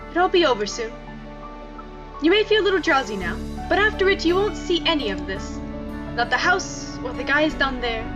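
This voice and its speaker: A gentle, sorrowful male wizard gatekeeper from a story game, as a woman reads his lines. His soft, resigned speech stays on the high side and moves through a wide, lively range of pitch. The audio is slightly dull and lo-fi, with faint music behind.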